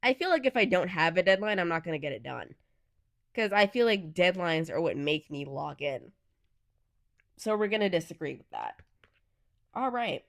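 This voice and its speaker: A woman with a notably low, deep-set voice talks through her podcast in a candid, chatty way. She reads passages aloud and reacts to them in between. The sound is dry and close, with no room around it. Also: dry recording. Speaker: podcast host. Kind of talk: casual solo podcast chat.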